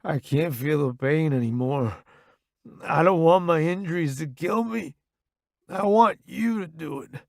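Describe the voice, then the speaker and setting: A man voicing a dying young soldier who begs in a weak, slow, pleading voice. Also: fairly high pitch, vocal fry, no echo, studio quality, voice pushed up. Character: dying young male soldier, begging and fading.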